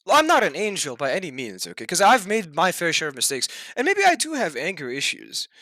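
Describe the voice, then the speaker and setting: Angry young man ranting with swings in pitch. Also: wildly swooping pitch, fairly quick, sharp tone, no echo. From Canada. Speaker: vlogger. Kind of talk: ranting vlog monologue.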